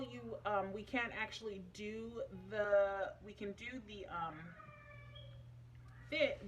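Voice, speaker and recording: A woman's voice: mid-range voice, fairly bright tone, slight background noise. A young adult woman vlogging casually, telling a personal story in a chatty, emotional way with many fillers.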